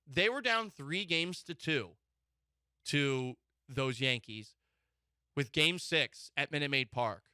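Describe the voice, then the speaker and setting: A man's voice: mid-range voice, smooth, no room sound, studio quality. A man hosting a sports talk show, opinionated and joking. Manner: animated, mock-emotional, joking.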